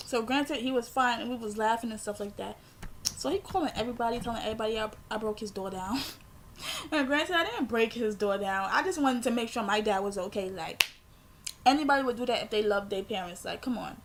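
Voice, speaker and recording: Young woman vlogger, fairly high voice, rambling storytime delivery. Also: quick pace. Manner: rambling, animated retelling with filler words. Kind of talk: storytime vlog.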